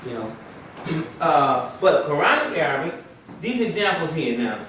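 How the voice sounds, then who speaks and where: Imam lecturing a class in an echoey room. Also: male voice, fairly high pitch, sing-song, a little slow, fairly bright tone, slight background noise. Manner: conversational, quizzes the class with questions. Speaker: imam teaching Arabic. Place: mosque classroom. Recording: echoey room, distant mic, dull lo-fi 1990s tape.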